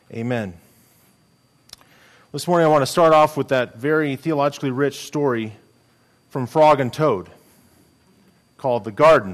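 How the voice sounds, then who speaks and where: A middle-aged man preaching a sermon as pastor, earnest and conversational, with frequent restarts. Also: medium pitch.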